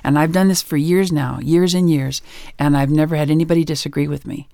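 A woman's voice: sits low, steady tone, a little fast, vocal fry, warm tone, no room sound. A woman author being interviewed on a radio show, telling stories emphatically and with self-assurance. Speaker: guest author and educator.

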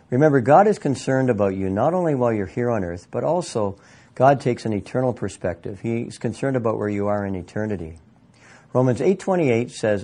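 A man presenting a short scripted money segment with a faith angle, reading calmly and steadily. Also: medium pitch, a little fast.

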